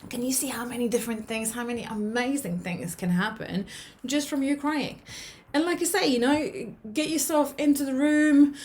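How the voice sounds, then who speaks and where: A woman giving a motivational self-help talk, reassuring and often checking in with the listener, repeating words as she thinks aloud. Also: medium pitch.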